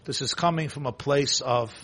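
A man giving an impassioned sermon, repeating phrases and swinging between hushed and loud delivery. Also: medium pitch, normal speed, slightly rough.

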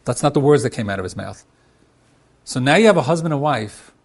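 A man with a medium-pitched, husky, expressive voice speaks fairly quickly as a marriage counselor. He teaches through examples, acting out what both spouses would say, and often repeats himself and restarts.

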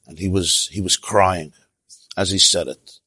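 A man giving a sermon as a rabbi, telling an animated story with quoted voices and Yiddish and Hebrew terms mixed in. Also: low-pitched, measured pace, breathy edge, no echo. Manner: animated, tells stories with quoted voices and asides.

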